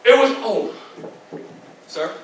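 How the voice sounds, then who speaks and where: Older man speaking slowly in an echoey hall. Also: extremely high pitch, expressive, a little hiss or hum. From New York. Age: 60s. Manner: preacher-like, repetitive, addresses audience directly. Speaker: motivational speaker. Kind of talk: motivational speech. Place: club meeting hall. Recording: echoey hall, mic at a distance.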